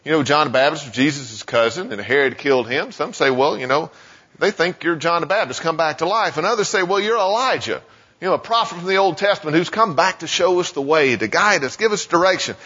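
A man preaching a sermon in a casual, conversational way, full of "you know" asides and quick voiced quotes. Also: fairly high pitch, animated, pushed and bright, breathy edge. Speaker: pastor. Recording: muffled sound with long hall reverb.

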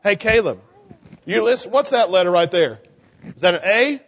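A man's voice: sits high, animated, moderate pace. A man leading a children's sermon in a church, coaxing the kids with questions. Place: church sanctuary. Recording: church hall reverb, dull lo-fi sound.

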